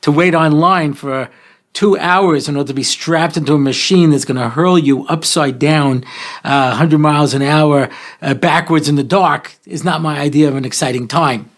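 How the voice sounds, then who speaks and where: A man in his sixties hosting a talk show, telling jokes and stories with deadpan punchlines. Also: a little high, moderate pace. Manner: joking, deadpan punchlines, playful storytelling. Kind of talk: comedic talk show monologue.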